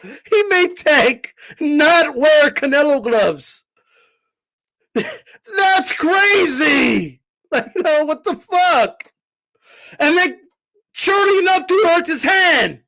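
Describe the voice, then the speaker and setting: A high-voiced man ranting about boxing, swearing freely and sounding incredulous. He talks in an unhurried way, then bursts into shouts. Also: lively intonation. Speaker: boxing commentator, channel host. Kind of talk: casual ranting commentary.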